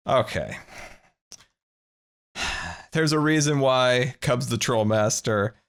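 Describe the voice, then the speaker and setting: A man in his thirties hosting a video game let's play, talking through his building and his pranks in a playful, animated way. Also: medium pitch, slow, clear, resonant tone. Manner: animated, playful, narrates his own moves. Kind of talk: gameplay commentary.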